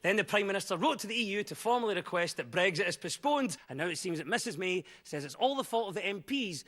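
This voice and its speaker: A Scottish man hosting a comedy panel show, reading wry jokes briskly. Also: sits high, animated, fairly bright tone. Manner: brisk joke-delivery, wry. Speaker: host. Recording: studio audience laughing.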